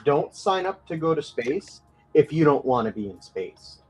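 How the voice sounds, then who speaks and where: A man's voice: on the high side, big pitch swings, moderate pace, husky, faint music behind, rough recording. A man in casual chat, responding easily and sharing his musings. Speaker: podcast co-host.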